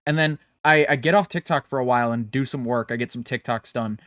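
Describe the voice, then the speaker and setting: A man's voice: medium pitch, fast talker, hardly any pauses, fairly bright tone, no echo, clean studio sound. Rambling young man co-hosting a podcast. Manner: rambling, repeats words, many "like" fillers. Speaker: podcast co-host. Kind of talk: casual chat.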